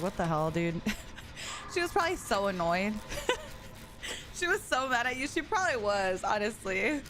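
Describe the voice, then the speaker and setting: A woman's voice: medium pitch, fairly bright tone, a little hiss or hum. Giggly young woman streamer chatting. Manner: chatty and giggly, reading chat aloud. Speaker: game streamer. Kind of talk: casual live-stream chat.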